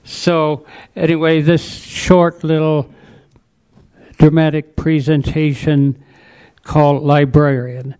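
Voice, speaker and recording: Slow, expressive high-voiced man reading poems. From New Mexico. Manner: unhurried, expressive, with theatrical voice changes. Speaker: poet reading at a chapter meeting. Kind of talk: poetry reading with dramatic storytelling.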